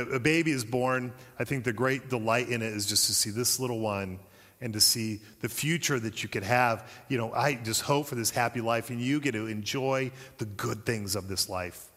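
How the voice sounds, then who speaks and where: Male pastor mid-sermon, animated, acts out quotes, long hall reverb. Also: mid-range voice.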